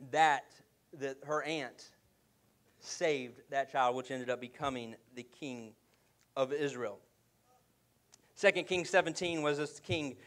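A man preaching a sermon as pastor, telling stories with jokes and putting on voices for the characters. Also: medium pitch. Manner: lively storytelling with jokes and acted voices.

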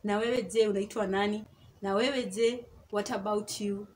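A woman's voice: mid-range voice, fairly even intonation, a little mellow, slight background noise. Woman teaching phrases with patient repeats. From Kenya. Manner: repeats example phrases slowly for learners. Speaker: Swahili teacher. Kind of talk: casual online language lesson.

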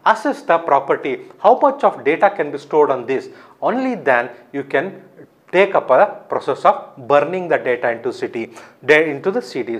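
A man giving a recorded lecture, explaining step by step, often asking his own questions and answering them. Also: medium pitch.

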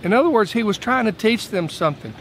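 A pastor delivering a midweek sermon with a notably high voice. He preaches earnestly and lifts his voice to stress his points, while a faint hiss of noise sits beneath the recording. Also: animated, quick pace, a bit bright. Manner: earnest preaching, voice rising for emphasis.

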